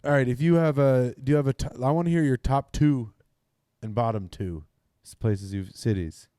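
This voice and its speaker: A man's voice: medium pitch, moderate pace, dark tone, no echo, clean studio sound. A man co-hosting a podcast, rambling and joking loosely in casual chat. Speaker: podcast co-host.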